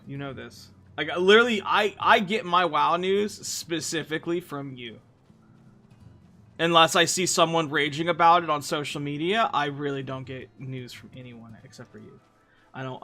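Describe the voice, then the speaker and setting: Young male streamer, bright and fairly high voice, rambling, cussing, casual stream chatter. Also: unhurried. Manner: rambling, profane, frequent restarts. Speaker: game streamer. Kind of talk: casual gaming stream chat.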